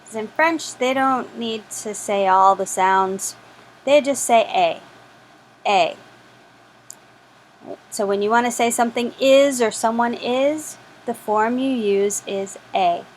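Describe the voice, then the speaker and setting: A woman's voice: on the high side, measured pace, a little hiss or hum, low-quality recording. A woman teaching a French lesson, patiently repeating each word for practice. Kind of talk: slow spoken language lesson.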